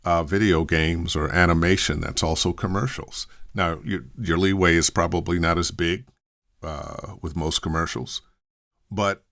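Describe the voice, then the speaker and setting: A middle-aged man giving voice acting advice in a relaxed, thinking-aloud way, full of fillers and restarts. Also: sits low. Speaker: voice acting coach answering questions. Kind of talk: casual advice talk.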